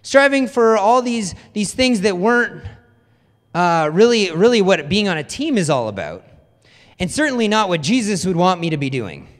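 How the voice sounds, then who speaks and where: A man's voice: high-pitched, very animated, normal speed. A man preaching a casual, conversational sermon as a pastor, telling stories in a chatty, self-deprecating way. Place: church hall. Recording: long hall reverb.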